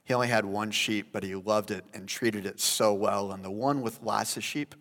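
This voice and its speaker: A man doing a calm prophet telling a story. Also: lowish voice, moderate pace. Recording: long hall reverb.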